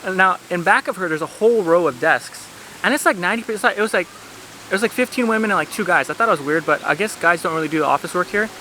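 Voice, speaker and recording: A high-voiced man talks fast in a pushed, bright way, with a little hiss or hum behind him. He's vlogging on a beach, rambling casually through a travel tale for the camera and saying "like" constantly.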